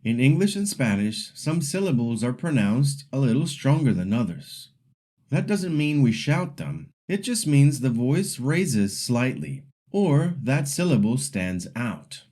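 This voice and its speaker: A man narrating a scripted language lesson as the teacher, explaining rules patiently and slowly modeling example words for the listener to repeat. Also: mid-range voice, sing-song, warm tone.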